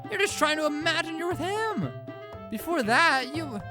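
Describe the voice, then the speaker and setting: A man's voice: very high voice, sing-song, normal speed, pitched above the performer's own voice. A man voicing a small, hot-tempered teenage girl who bursts out in brash, profane lines. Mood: hurt. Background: background music.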